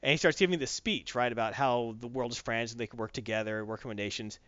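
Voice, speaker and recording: A man casually recapping a comic story to a friend, rambling and animated, with many restarts. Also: mid-range voice, quick pace, no echo, muffled recording. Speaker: comic book discussion cohost. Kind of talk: casual recap with acted quotes.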